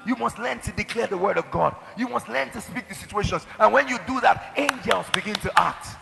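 A man preaching a sermon, emphatic, with shouted declarations and acted-out quotes to his church. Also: high voice, brisk, creaky. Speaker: pastor. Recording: hall reverb.

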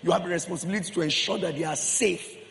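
A man's voice: high voice, fast, gravelly, a bit bright, a little hiss or hum. A man preaching a sermon as pastor, emphatic, repeating phrases and questioning the congregation. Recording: long hall reverb, faint room ambience.

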